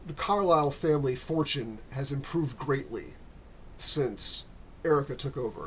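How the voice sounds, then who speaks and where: A man's voice: a little high, slight background noise. A man narrating as game master, rambling with many fillers and restarts.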